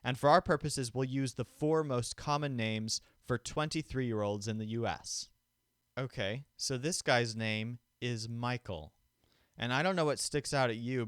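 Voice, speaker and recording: A man talks through a memory technique in a patient, step-by-step teaching voice. His pitch sits in the middle of the range. He is recorded close on a microphone in a dry room with no echo. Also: fairly bright tone, smooth. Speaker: memory instructor. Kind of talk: instructional explanation. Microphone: studio microphone in front of him.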